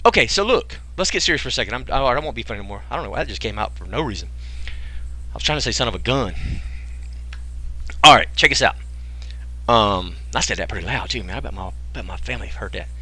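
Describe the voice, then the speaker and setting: This webinar host's medium-pitched voice is animated, fast, pushed and bright, with a breathy edge and long pauses. He casually sells a business program to a live online audience, joking and tossing out rhetorical questions in folksy slang.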